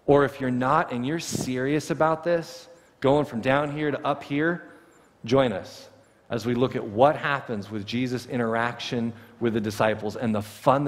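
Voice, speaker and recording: A man preaching a sermon in an animated, conversational way, often acting out quotes. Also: mid-range voice, moderate pace, long reverb tail. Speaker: pastor. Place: church sanctuary.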